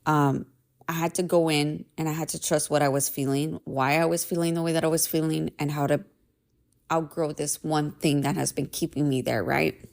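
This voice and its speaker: A woman in her thirties talks straight to her listeners in a low, gravelly voice with plenty of fry. She tells her story candidly and emphatically, cursing freely and tagging her points with "right?". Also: steady tone, normal speed, darkish tone. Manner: candid and emphatic, swears, says "right?" often. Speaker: podcast host. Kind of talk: casual storytelling monologue.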